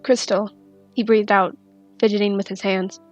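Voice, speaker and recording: A woman narrating a fanfiction story in a steady, soft-spoken reading. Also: mid-range voice, moderate pace, lo-fi sound, faint music behind. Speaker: fanfiction reader.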